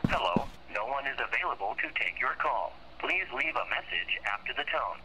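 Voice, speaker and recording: A telephone answering machine greeting, voiced by a man, given as a recorded announcement. The voice is very bright, with lively rises and falls in pitch. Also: normal speed, slight background noise, exaggerated voice, low-quality recording. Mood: flat.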